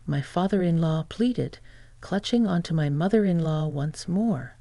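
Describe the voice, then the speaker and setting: A text-to-speech woman narrating a scripted story in an even, flat reading. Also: low-pitched, measured pace, vocal fry, no echo.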